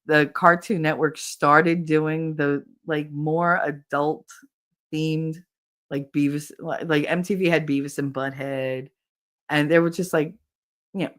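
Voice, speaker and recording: A woman, hosting a casual livestream chat, laughing often and acting out quotes as she tells stories. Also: sits low. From Hoboken, New Jersey. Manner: animated storyteller, laughs often, acts out quotes. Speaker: livestream podcast host. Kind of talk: casual chat reading viewer comments.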